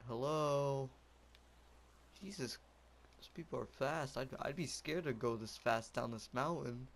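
A man's voice: medium pitch, measured pace. A young man giving goofy, rambling commentary while playing a game, yelping and laughing as he goes. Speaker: gameplay commentator. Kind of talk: casual gameplay commentary.

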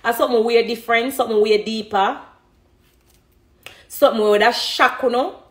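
A woman's voice: a little high, moderate pace. Jamaican lady in her 30s chatting on her phone live, answers comments, laughs a lot. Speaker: dancehall artist on a live stream. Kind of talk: casual live-stream chat.

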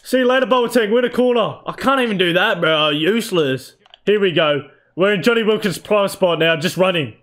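Young male gaming YouTuber, slightly high voice, excitable play-by-play with swearing. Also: brisk. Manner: excitable, swears, shouts at his team. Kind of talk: live gameplay commentary.

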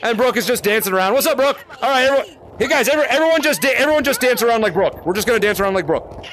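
High, bright-voiced excitable male streamer. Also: rapid-fire. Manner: excitable, calls out names, laughs often. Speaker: gaming streamer and host. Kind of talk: live-streamed VR game chat.

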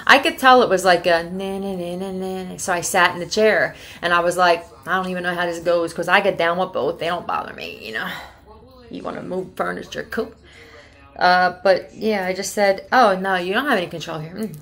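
A woman's voice: on the low side, fairly quick, a bit bright. A woman from Philadelphia giving a casual tarot reading, talking bluntly and with a lot of profanity, rambling from one thought to the next. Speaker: tarot reader.

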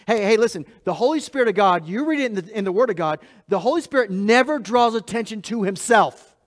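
A man preaching a sermon as pastor of a church, emphatic and repetitive, swinging between loud and hushed lines and speaking straight to the congregation. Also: high voice, expressive, a little fast. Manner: laughs at himself, talks to the congregation directly.

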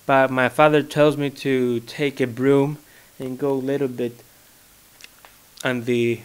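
Slow-talking young Greek-accented man. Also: mid-range voice, level tone, smooth. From Greece. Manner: rambling, joking, searches for words. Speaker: vlogger. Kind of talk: casual solo monologue. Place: his home.

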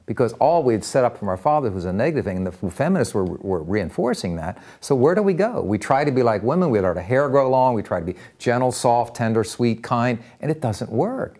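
An older American man tells stories with real conviction. His pitch rises and falls in lively swings as he acts out the people in them. His voice sits at an ordinary middle pitch. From United States. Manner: earnest, animated storyteller acting out quoted voices. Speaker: interview guest. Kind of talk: storytelling interview.

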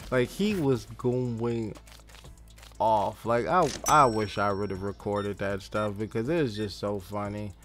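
A man's voice: on the low side, measured pace, soft background music. A man hosting a gaming channel, telling a rambling, profane story in casual chat while he plays. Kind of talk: casual gameplay commentary and storytelling.

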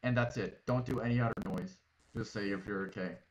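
A man's voice: fairly low pitch, steady tone, brisk. Swearing streamer giving his team orders. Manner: bossy, profane, explains rules to the team. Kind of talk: casual gaming voice chat.

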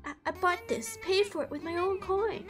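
A woman's voice: moderate pace, a bit bright, soft background music. A woman voicing a frightened young refugee man who begs and pleads, reading game dialogue aloud. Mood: pleading. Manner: high-pitched, pleading.

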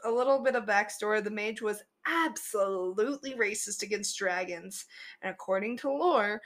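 A woman podcast host telling a tabletop game story in a chatty way, laughing at her own tale. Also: medium pitch.

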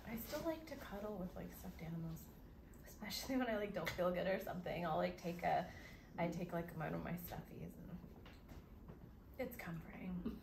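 A woman's voice: fairly low pitch, normal speed, gravelly, noisy background. A young woman in casual chat with friends, giggly and full of "like". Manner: giggly, chatty, lots of "like". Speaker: host. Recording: roomy sound from a far mic with people around.

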